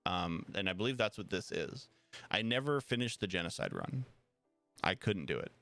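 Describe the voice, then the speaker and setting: A man's voice: sits low, animated, normal speed, bright, forceful tone, soft background music. A man streaming live, talking casually and rambling, with frequent restarts and laughter. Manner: rambling, repeats himself, laughs often.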